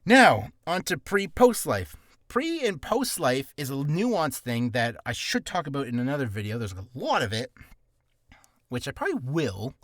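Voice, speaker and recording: Rambling man with a lively voice. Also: mid-range voice, normal speed, no room sound, clean studio sound. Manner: rambling and self-deprecating, full of asides. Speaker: voice acting teacher. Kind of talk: casual tutorial.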